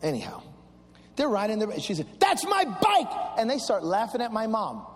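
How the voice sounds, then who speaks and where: A male pastor preaching a sermon, telling a story that builds into fervent shouted refrains. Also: high voice, big pitch swings, brisk, in a large hall. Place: large church.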